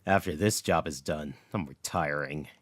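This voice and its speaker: A man's voice: extremely low pitch, moderate pace, slightly rough, no room sound, voice pushed down. A man voicing a weary, grumbling old male space scavenger who sighs a lot. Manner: sighing, world-weary.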